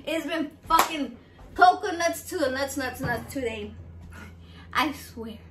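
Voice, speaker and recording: A high-pitched woman talks straight to camera from her home. She is brash and foul-mouthed, and she drops words into her as she chats through her cooking vlog. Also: unhurried, background noise. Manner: brash, foul-mouthed, animated, mixes Spanish into English. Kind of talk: casual profane chat to camera.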